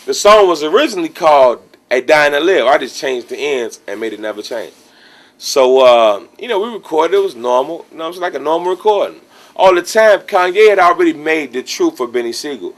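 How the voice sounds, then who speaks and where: Animated Chicago man telling a story. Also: a little high, brisk. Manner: animated, acts out quotes of others. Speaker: rapper telling his story. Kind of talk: casual storytelling interview.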